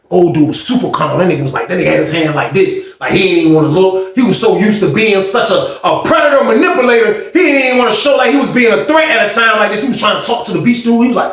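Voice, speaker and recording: A man telling a story in a casual, animated, slangy way, acting out the scenes. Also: sits high, fast, creaky, few pauses, reverberant.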